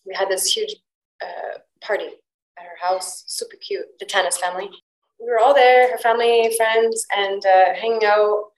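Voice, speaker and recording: A woman's voice: medium pitch, steady tone, moderate pace. Open-hearted woman host in an echoey room. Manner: candid, open storytelling with frequent "like". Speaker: podcast host. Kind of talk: casual podcast conversation. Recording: roomy echo.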